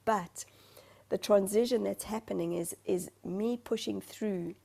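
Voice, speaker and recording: Woman guest, mellow, a bit of fry, chatty and emotional storyteller. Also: mid-range voice, fairly even intonation, a little slow. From South Africa. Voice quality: talkative, self-described motor mouth. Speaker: guest, spiritual medium. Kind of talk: candid interview conversation.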